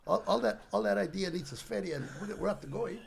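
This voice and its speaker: High gravelly older man spinning a yarn. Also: fast, over a noisy crowd. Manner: animated storyteller who acts out characters and mixes in Spanish slang. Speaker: guest comedian. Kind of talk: comic storytelling on a podcast.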